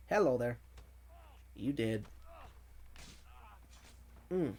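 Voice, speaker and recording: A male gaming streamer talks casually while he plays, reading viewer messages aloud and answering them. His voice sits at an ordinary pitch, and he laughs often. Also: brisk. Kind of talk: casual livestream commentary.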